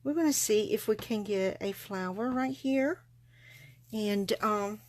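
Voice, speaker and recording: A woman's voice: medium pitch, measured pace. A woman chatting folksily to viewers as she demonstrates card making live from her craft table. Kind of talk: live-stream craft demo.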